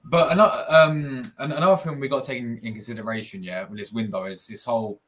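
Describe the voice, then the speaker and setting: A man's voice: mid-range voice, steady tone, fast talker, fairly bright tone. A man hosting a casual football podcast, agreeable and laid-back, calling his guest bro and man. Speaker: podcast host.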